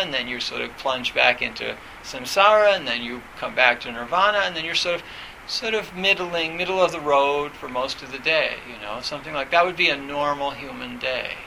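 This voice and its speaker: Male meditation teacher, somewhat high voice, hesitant, restarts a lot. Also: creaky, pushed and bright, slight background noise, low-quality recording. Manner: hesitant, halting, many fillers and restarts. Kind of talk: reflective talk on meditation.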